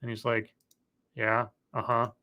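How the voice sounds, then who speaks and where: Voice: medium pitch, monotone, measured pace, sharp tone. Wry, rambling episode recapper. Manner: wry, sarcastic asides; rambling, with fillers and restarts while clicking through footage. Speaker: show reviewer hosting a live stream. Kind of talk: casual episode recap commentary.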